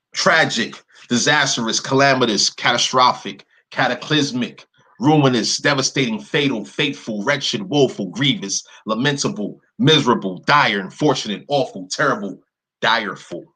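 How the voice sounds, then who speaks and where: A man hosting an online video, slowly reading long word lists off his screen and breaking in with blunt, indignant remarks. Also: mid-range voice, sharp tone, breathy edge. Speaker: video host. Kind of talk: screen-share commentary reading from a list.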